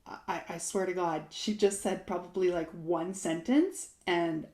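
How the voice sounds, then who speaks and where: A woman's voice: on the low side, steady tone, unhurried, darkish tone, echoey room. A married woman co-hosting a podcast, telling a personal story in a chatty way, with lots of fillers, restarts and laughs. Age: adult, married. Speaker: podcast co-host.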